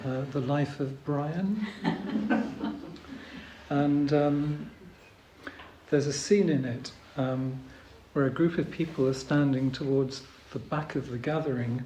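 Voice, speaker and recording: A man giving a dharma talk as a Zen teacher, hesitant with many pauses and ums, gently humorous. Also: on the high side, slight background noise. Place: retreat meditation hall. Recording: roomy hall with faint ambience.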